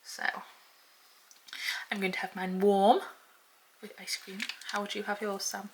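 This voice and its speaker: A woman's voice: medium pitch, level tone, measured pace, a little mellow, low-quality recording. A woman with a Northern English accent chatting casually to camera in her home kitchen. She laughs easily and sounds mock-outraged about small things. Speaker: vlogger. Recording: clear background noise at home.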